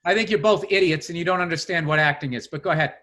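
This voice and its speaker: A man's voice: fairly high pitch, rapid-fire, bright, forceful tone. A man co-hosting a podcast, ranting in profane, combative comedic banter. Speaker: podcast co-host.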